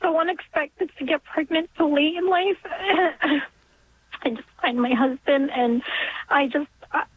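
A woman in her forties, calling in to a radio show, talks haltingly and tearfully and breaks into small laughs. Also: sits high, steady tone. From New York. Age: 40s. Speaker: caller. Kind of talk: emotional call-in sharing. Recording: tinny phone line.

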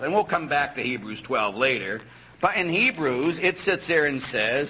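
A man, a priest, preaching a sermon in an animated way, full of rhetorical questions and quick asides. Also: fairly high pitch, a little hiss or hum, low-quality recording. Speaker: Catholic priest.

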